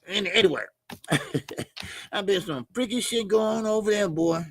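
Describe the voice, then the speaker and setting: A man hosting a boxing commentary stream, ranting in a loud, animated, profane way with frequent shouting and asides. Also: high voice, measured pace, dry recording. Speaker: boxing commentary channel host.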